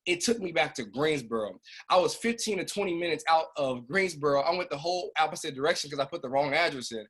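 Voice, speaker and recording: A man who trains a business group, telling an emotional personal story in a casual, animated way over a video call. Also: on the high side, fast talker, husky.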